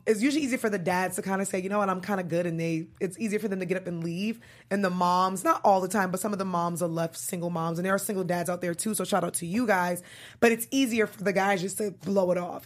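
A young woman hosting a casual TV recap chat show, chatty and animated, laughing often. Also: mid-range voice. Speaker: podcast host.

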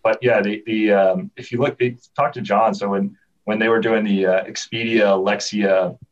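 A man guesting on a podcast who chats casually and tells stories in an animated way, full of restarts. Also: fairly low pitch, normal speed, a little hiss or hum. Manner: animated storyteller, many restarts. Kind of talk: casual chat. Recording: dull, distant remote audio.

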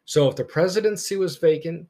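Male history teacher, deliberate lecture delivery, stresses important words. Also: on the high side, warm tone. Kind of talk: lecture-style podcast.

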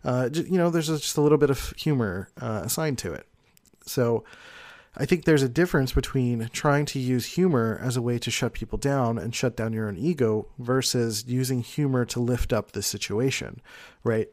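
A man explaining personality types in a casual, rambling monologue, peppered with "like" and soft laughs. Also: mid-range voice, moderate pace, no echo, clean studio sound. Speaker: personality type commentator.

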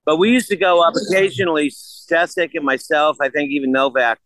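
A man's voice: a little high, brisk, fairly bright tone, dry recording, rough recording. An older man in a casual interview, blunt and profane, rambling through stories. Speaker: guest.

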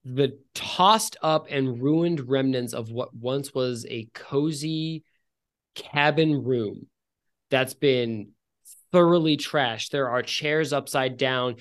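A man narrating a tabletop game as game master, halting and swearing when he stumbles. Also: mid-range voice.

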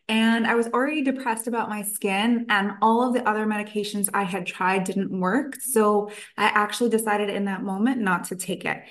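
Chatty woman nutritionist telling her story. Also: fairly high pitch. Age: adult, past college. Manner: chatty storytelling with quoted asides. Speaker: nutritionist guest. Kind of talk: podcast interview.

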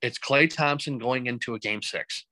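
Bright-voiced man riffing on sports. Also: medium pitch, moderate pace, dry recording, rough recording. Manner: animated storytelling with joking asides. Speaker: podcast co-host. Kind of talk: casual sports chat.

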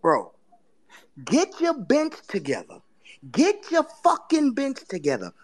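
A woman hosting a sports podcast, ranting in casual talk with profane, taunting trash talk that swings between loud jabs and low mutters. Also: wildly swooping pitch, slow pace. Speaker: podcast host.

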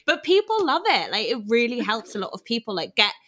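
A woman's voice: fairly high pitch, sing-song, fairly quick, pushed and bright. A woman hosting a podcast, talking frankly in casual chat, swearing freely and laughing easily. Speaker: podcast host.

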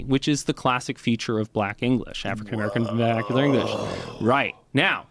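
A man's voice: medium pitch, brisk, slight background noise. A man in casual conversation, explaining ideas at length and often checking in with "right?" and "you know.". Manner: lively, frequent "right?" and "you know" fillers.

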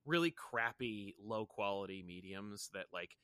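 A man's voice: lowish voice, animated, measured pace, a bit bright, clean tone, no room sound. A man in his thirties, a podcast guest, talking in a casual, rambling way with lots of fillers and restarts. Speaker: podcast guest, comics YouTuber. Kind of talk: casual chat.

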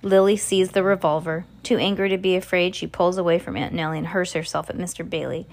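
A woman reading a ghost story aloud expressively, dropping in casual asides. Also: on the low side. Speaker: storybook reader.

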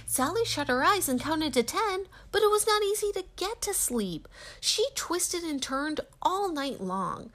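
A woman's voice: extremely high pitch, unhurried. Woman reading a children's storybook. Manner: gentle, expressive reading. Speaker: narrator. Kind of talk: children's storybook read-aloud.

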